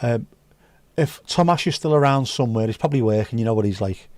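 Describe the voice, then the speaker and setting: A man's voice: medium pitch, expressive, fast, darkish tone, no echo. Guy chatting on a stream, cheeky and sweary, medium voice, dry close sound. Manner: cheeky, banter-heavy, swears freely. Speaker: livestream host serving virtual drinks. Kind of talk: casual chat.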